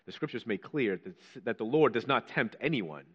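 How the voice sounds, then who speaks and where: A man's voice: mid-range voice, lively intonation, normal speed, breathy edge. Preacher man with a muffled sound. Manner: rising to fervent rhetorical questions, dropping to hushed quotes. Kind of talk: sermon.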